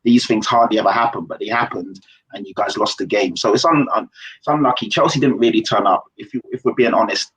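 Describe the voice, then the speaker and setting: A man, talking football as a pundit in a relaxed panel chat. His voice sits a little low and comes out husky. He banters easily and pokes fun at himself. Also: fast, poor audio. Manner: bantering, self-mocking.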